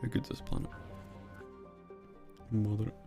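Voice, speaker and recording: A man's voice: fairly low pitch, fairly even intonation, a little slow, vocal fry, music in the background. A man streaming a video game live, chatting casually and rambling, with mild swearing while he answers chat.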